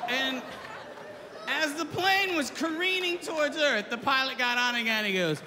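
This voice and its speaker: A male stand-up comedian telling a true story on stage, animated, swearing freely and jumping into character voices. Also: extremely high pitch, moderate pace, a faint crowd. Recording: reverberant club with clear background noise.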